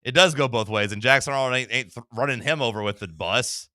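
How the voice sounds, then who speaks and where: A man co-hosting a sports talk show in casual banter, rambling and animated, often slipping into mock quotes. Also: mid-range voice, quick pace, no echo, clean studio sound.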